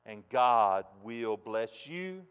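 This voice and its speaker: A man preaching a sermon in a folksy way, dropping soft and then rising loud and emphatic, from a church pulpit. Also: medium pitch, animated, extremely slow, clear, resonant tone, dull audio. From United States. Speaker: pastor. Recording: long reverb in a large hall.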